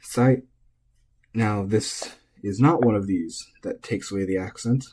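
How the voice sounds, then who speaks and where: A man giving a relaxed, casual language lesson, thinking aloud and correcting himself as he goes. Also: on the low side, measured pace, breathy edge. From United States. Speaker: language teacher.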